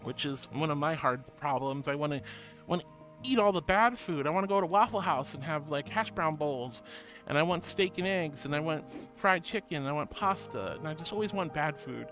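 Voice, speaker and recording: A woman's voice: sits low, lively intonation, fairly quick, a bit bright. A woman streamer chatting casually and reading viewer comments aloud, bubbly, giggly and affectionate. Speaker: streamer host. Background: background music.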